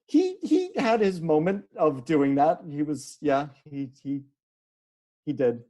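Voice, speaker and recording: A man speaking as an interview guest, earnest and halting, often restarting his sentences. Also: a little high, lively intonation, warm tone. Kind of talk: casual interview conversation.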